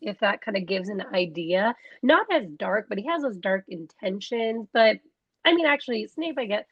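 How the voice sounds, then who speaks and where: A young woman co-hosting a casual podcast chat, talking in a chatty way with quick asides and frequent laughs. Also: medium pitch, expressive, breathy edge, dry recording, lo-fi sound. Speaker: podcast co-host.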